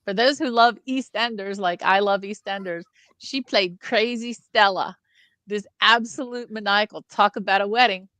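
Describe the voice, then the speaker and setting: A woman's voice: mid-range voice, normal speed, fairly bright tone, no echo. A woman co-hosting a casual film review podcast, chatty and enthusiastic with trailing restarts. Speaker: podcast co-host.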